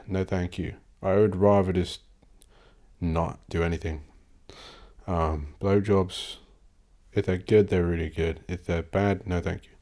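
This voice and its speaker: A man with a deep, low voice hosts a casual solo podcast. He rambles and swears, cutting himself off mid-word and chuckling between thoughts. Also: mellow. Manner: rambling, sweary, self-interrupting, laughs often. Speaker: podcast host.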